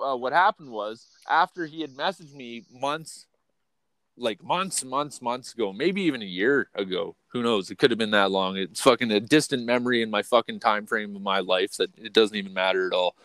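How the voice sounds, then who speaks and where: A podcast host, a man of middling pitch, rants in a rambling, foul-mouthed stream. His voice swings from loud outbursts to low mutters. The sound is dry and close. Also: moderate pace, no echo. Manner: profane, rambling, swings between loud and quiet. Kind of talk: unfiltered casual rant.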